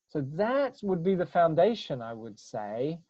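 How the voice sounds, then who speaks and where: A man's voice: on the high side, big pitch swings, slow pace, a little mellow, no room sound. A man speaking reflectively on a webinar about communication, searching for his phrasing and restarting words as he goes. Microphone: video call. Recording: dull lo-fi webinar audio.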